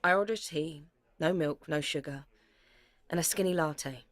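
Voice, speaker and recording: A woman's voice: low-pitched, measured pace, a bit bright, no room sound. An actress playing a young daughter who narrates her search into her family's past in an audio drama. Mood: earnest. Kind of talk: present-tense dramatic narration.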